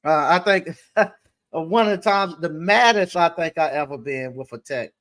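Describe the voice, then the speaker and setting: A man, an appliance repair business owner, telling stories in a casual interview with a halting, rambling delivery full of restarts. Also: on the high side, fairly bright tone.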